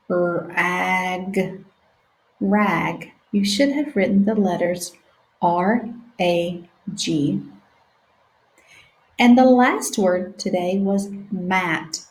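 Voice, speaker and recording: A woman teaching a phonics lesson to young children, sounding out words slowly letter by letter. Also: medium pitch, darkish tone. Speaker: reading teacher. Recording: echoey room.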